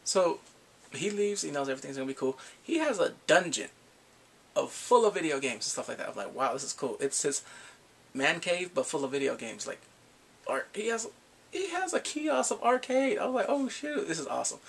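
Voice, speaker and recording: Guy excitedly recapping a drama, kinda gravelly and husky, laughs a bunch and does the characters' lines. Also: normal speed. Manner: animated, laughs often, acts out characters' lines in a high voice. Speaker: drama reviewer. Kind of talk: casual episode recap.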